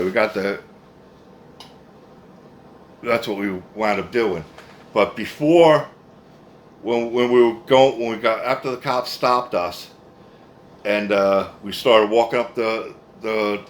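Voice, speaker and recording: Man in his fifties, low voice, casual rambling storytelling, cursing, faint background hiss. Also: a little slow, long pauses. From New Jersey, USA. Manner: rambling, profane, frequent "anyway" asides.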